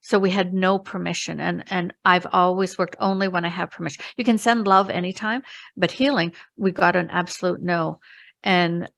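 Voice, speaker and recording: Low gravelly woman recounting a crisis. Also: fairly even intonation, a bit bright, no echo. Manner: earnest, halting, many restarts and quoted inner thoughts. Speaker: interview guest, spiritual healer and retreat leader. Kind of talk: personal storytelling in an interview.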